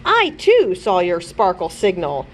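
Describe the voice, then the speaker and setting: A woman's voice: fairly low pitch, wildly swooping pitch, measured pace, slight background noise. A woman voicing a proud young hero who announces herself in a storybook read-aloud, with a grand, announcing manner. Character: proud new girl hero with a pet snake.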